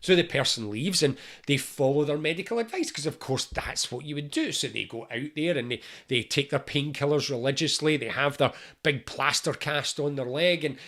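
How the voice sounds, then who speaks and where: A man's voice: fairly high pitch, a bit bright. Man giving a playful explanatory talk. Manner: conversational, playful, acts out short dialogues. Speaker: mental health educator. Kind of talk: explanatory talk with acted-out dialogue.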